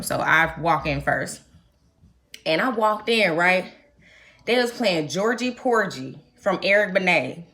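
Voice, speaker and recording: A young adult woman from the United States chatting casually to her viewers, telling a trip story in animated, slangy talk. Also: fairly low pitch. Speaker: vlogger. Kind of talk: casual chat to camera.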